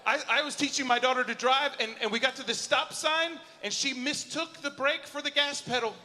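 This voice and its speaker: A man's voice: very high voice, a little fast, sharp tone. A man in his forties doing a stand-up comedy set, chatty and self-mocking, often asking the crowd if they follow him. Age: 40s. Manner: chatty, self-mocking, keeps asking the crowd "you know what I'm saying?". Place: large auditorium at a live show. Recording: hall reverb from a live venue.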